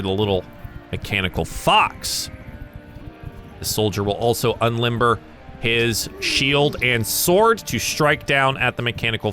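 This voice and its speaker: Slow, bright-voiced game master man. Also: mid-range voice. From US South. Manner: thinking aloud, slow and halting with fillers. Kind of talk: narrating a tabletop game.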